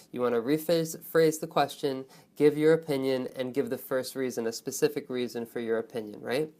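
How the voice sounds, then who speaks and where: A man teaching a speaking lesson to students. He talks in an expressive way, stretches key words for emphasis and keeps checking in with "right?" and "okay?". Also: fairly high pitch. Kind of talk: online lesson on test speaking.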